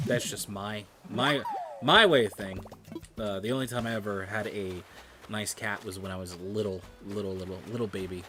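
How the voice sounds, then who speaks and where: A man's voice: lowish voice, background noise. A man chatting casually while streaming a game, telling rambling stories and swearing freely. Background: game music.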